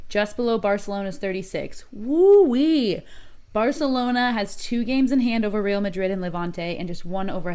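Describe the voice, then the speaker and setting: Upbeat woman cohost going over league tables, keen and lively, mid pitch. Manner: upbeat, enthusiastic. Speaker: podcast co-host. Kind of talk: casual football chat.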